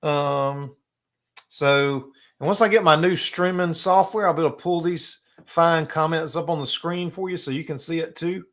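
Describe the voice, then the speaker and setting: Chatty South Carolina man, higher voice. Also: normal speed, fairly bright tone. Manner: chatty, drawling, frequent throat-clearing and laughs. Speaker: host. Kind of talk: casual live-stream chat.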